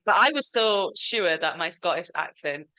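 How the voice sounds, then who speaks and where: A woman co-hosting a podcast, telling stories in a chatty, animated way. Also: fairly low pitch, normal speed. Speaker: podcast co-host. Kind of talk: casual chat.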